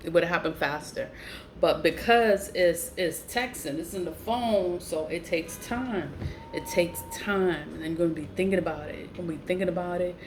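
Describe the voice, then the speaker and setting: A woman, telling her story in a low voice that jumps high whenever she is incredulous. She swears freely and talks bluntly. Faint hiss sits under her voice. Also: a little fast. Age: 40s. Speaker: vlogger. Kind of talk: casual storytelling to camera.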